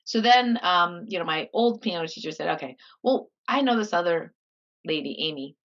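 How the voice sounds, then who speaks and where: A woman's voice: lowish voice, moderate pace. A middle-aged woman from Canada telling her life story in a casual interview, laughing often and acting out what others said. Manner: animated, laughs often, acts out quoted voices. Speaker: guest. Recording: slightly dull lo-fi audio.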